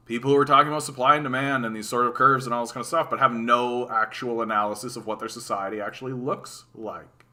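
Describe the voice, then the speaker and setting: Canadian man, bright voice, sarcastic live-stream commentary, quick restarts, animated. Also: medium pitch. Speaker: political streamer. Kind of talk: casual live-stream commentary reading chat.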